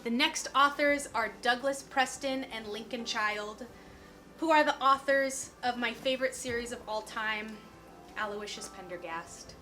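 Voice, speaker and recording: Young woman vlogger, chatty and upbeat, crisp bright tone, soft music under her. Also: on the high side, a little slow. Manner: chatty and bubbly, peppered with "like". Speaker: lifestyle vlogger. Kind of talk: casual chat.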